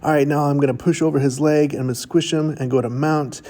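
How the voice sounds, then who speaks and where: A man's voice: a little high, steady tone, fast, mellow. A middle-aged man casually narrating his own jiu-jitsu roll in a voice-over, goofy and self-mocking, chatting through each move.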